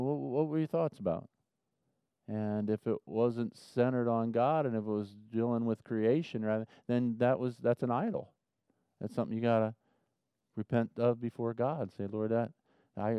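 A man preaching a sermon as pastor, swinging from loud emphasis to quiet asides. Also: mid-range voice, normal speed, clean tone, no room sound, muffled recording.

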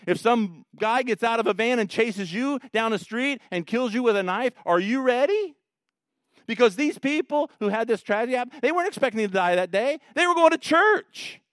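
A man preaching a sermon, emphatic, swinging between quiet, low passages and loud, rising ones. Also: dry recording. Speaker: pastor.

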